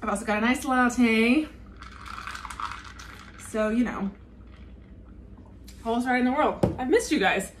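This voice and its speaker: A woman's voice: on the high side, unhurried, long pauses, noisy background. A woman in her thirties with a Southern US accent, chatting casually in her home kitchen for a cooking vlog, rambling with lots of ums. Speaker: cooking vlogger.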